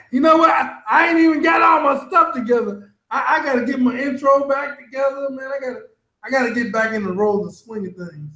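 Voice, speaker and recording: A man's voice: extremely high pitch, fairly quick, gravelly, sharp tone, echoey room, rough recording. A male livestream host who rambles casually and breaks into improvised freestyle singing. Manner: loose, rambling, sings in a freestyle way.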